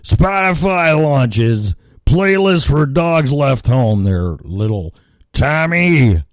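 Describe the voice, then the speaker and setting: A man's voice: mid-range voice, sing-song, slow pace, no echo, studio quality. A man voicing a charming old uncle who tells animal stories in a folksy drawl.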